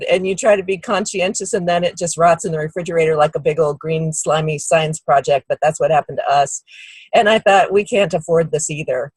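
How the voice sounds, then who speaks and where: Husky woman telling a personal story. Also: low-pitched, fairly quick, dry recording, poor audio. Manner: warm anecdotal storytelling, acts out quoted people. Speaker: guest speaker. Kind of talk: storytelling on a team call.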